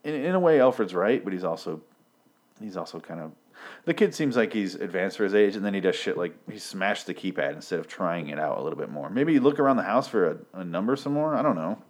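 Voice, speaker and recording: A young man with a fairly low voice, talking through a casual recap of a show. He is sarcastic and profane and rambles with frequent ums and uhs. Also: expressive, quick pace. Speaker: TV episode recapper.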